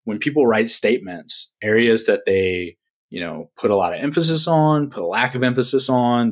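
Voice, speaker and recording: A man's voice: on the low side, fairly bright tone. A man from Texas, a guest in a casual interview, explaining at length and often checking in with "right?". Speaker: guest, engineering manager.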